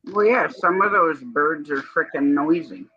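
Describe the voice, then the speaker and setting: A man speaks slowly in a laid-back chat, his voice sharp and pinched in tone. The audio is dry and somewhat muffled, like a home stream. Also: a little high, animated, husky, no echo. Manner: slow, laid-back talk with mild slang. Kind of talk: casual chat.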